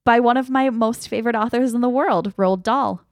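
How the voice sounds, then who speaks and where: A woman's voice: fairly high pitch, moderate pace, no room sound, studio quality. A woman co-hosting a podcast in casual, playful chat. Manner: chatty, playful and laughing. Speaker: podcast co-host.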